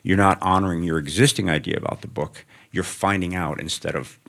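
A man's voice: low-pitched, fairly even intonation, fairly quick, creaky, fairly bright tone. A man, a writer, answering questions onstage before a student audience, reflective and wandering, with wry asides. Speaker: writer, guest of an onstage interview.

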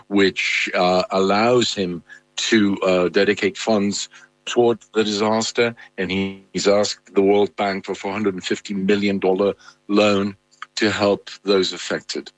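Low-voiced male correspondent, halting. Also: fairly even intonation, no room sound, poor audio. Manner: halting, many fillers and restarts. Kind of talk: live news interview.

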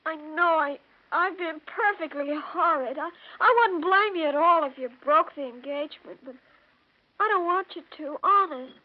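An actress as a very high-voiced young fiancée. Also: female voice, normal speed, natural voice. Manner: hesitant, stammering. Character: young fiancée, touchy and earnest. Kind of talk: 1940s radio acting. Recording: dull old radio recording.

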